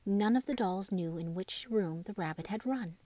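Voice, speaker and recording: A woman reading a classic children's story aloud as a bedtime story, gentle and expressive. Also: mid-range voice, normal speed, no echo.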